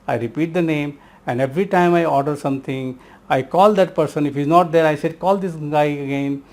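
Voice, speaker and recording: A man's voice: a little high, brisk, a little mellow. Emphatic man teaching a self-help lesson. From India. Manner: emphatic, repeats key words; addresses listener as my friend. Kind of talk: spoken lesson.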